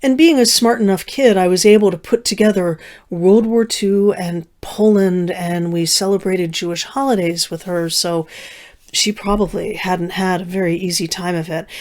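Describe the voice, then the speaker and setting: A middle-aged woman storyteller telling a personal story, slowing down with dramatic pauses and dropping to soft, hushed asides. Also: fairly low pitch, steady tone. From United States. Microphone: video recording.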